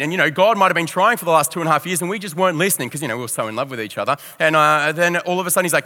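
A young Australian pastor tells a story from the pulpit in an animated, self-deprecating way. His voice is bright and sits fairly high for a man. It rings out with a long reverb through a large church hall. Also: racing, few pauses. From Victoria, Australia. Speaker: youth pastor. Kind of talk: storytelling sermon.

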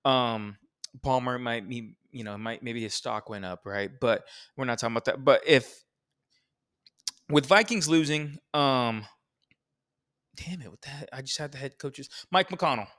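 A man with a smooth, clean-toned voice chats casually about football. He rambles, swears now and then and gives strong opinions. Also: mid-range voice, a little slow, a bit bright. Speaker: podcast co-host. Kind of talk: casual sports chat.

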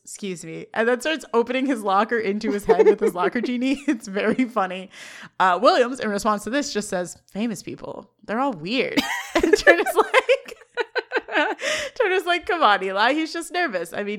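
Chatty woman recapping a sitcom episode. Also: on the high side. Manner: animated, laughs often, quick paraphrasing of dialogue. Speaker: podcast co-host. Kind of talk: casual scene-by-scene recap.

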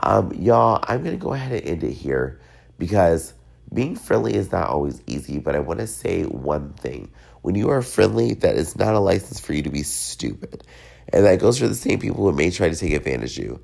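A man's voice: low-pitched, very animated, fairly quick, gravelly, darkish tone. A man hosting his own podcast, talking in a loose, rambling solo rant while congested, sick and drunk. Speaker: podcast host.

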